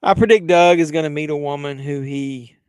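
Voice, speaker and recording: Man, livestream host, crude teasing humor, somewhat high voice, dry close sound. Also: brisk, clear, resonant tone, dry recording. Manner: laughs at his own jokes, teasing. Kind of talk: crude joking chat with live viewers.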